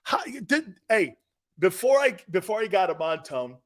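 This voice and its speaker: Excitable middle-aged sports radio host. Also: male voice, high voice, moderate pace. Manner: animated, loud bursts, calls out to studio crew; rambling, repeats words and restarts. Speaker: sports talk show host. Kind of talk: casual sports radio chat.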